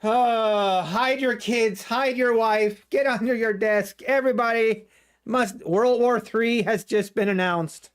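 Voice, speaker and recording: Casting: male trading streamer, unhurried delivery, laughs often, jokes in mock alarm. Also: very high-pitched, clear, resonant tone. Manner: laughing, mock-panicked joking about the market. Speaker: day trading livestream host. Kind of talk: live trading stream commentary.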